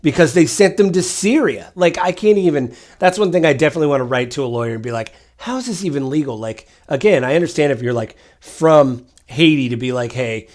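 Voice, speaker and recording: A man co-hosting a podcast, chatting casually about politics with rambling, animated storytelling. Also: a little high, fairly quick, few pauses. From Washington State. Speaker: podcast co-host.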